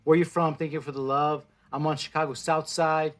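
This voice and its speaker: Soft music plays in the background as a Mexican plant-based food vlogger in his forties, a native Spanish speaker, livestreams from indoors. His slightly high voice stays fairly flat in pitch and moderate in pace while he delivers blunt, expletive-filled pep talks in casual chat.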